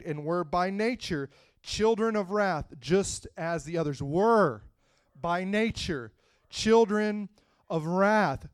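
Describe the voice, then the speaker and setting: A man preaching a sermon, moving from quiet, close talk to loud, rising preaching and calling out to the congregation. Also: fairly high pitch, dry recording. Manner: calls out to the congregation.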